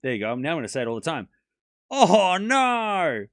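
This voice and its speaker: A man's voice: medium pitch, fairly bright tone, no room sound, studio quality. A young man with an Australian accent hosting a casual livestream, chatting with viewers and joking as he answers their questions. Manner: playful, jokey, quick to laugh and exclaim. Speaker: streamer hosting a tennis watchalong.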